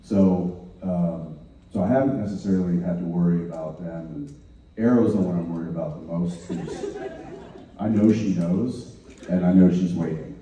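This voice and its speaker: A deep, mellow-voiced man talks onstage, halting and restarting, with a dry sense of humor. His voice booms around a huge hall and is caught from far off. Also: slight background noise. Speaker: convention panel guest. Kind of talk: casual storytelling on stage. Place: large convention hall, recorded from the audience. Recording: echoey hall audience recording from afar.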